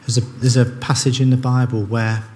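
Preacher in an echoing hall. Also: male voice, mid-range voice, level tone, moderate pace, a little mellow, slight background noise. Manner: earnest, conversational, with frequent restarts. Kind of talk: sermon. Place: church. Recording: long reverb of a church hall, faint ambience.

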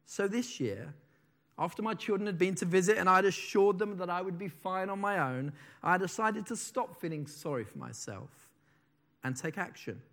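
A man preaching a sermon, swinging between loud declarations and soft, slowed phrases, and reading a testimony aloud with feeling. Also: high-pitched, animated.

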